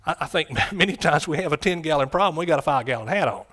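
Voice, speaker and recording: A man preaching a sermon, swinging from quiet, low lines to loud, shouted ones. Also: lively intonation, fast. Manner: impassioned, rising to shouts and dropping low.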